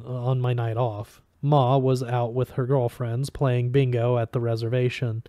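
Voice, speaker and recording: Mellow-voiced man reading a story aloud. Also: medium pitch, no room sound, studio quality. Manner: casual reading with small slips and restarts. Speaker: audiobook reader.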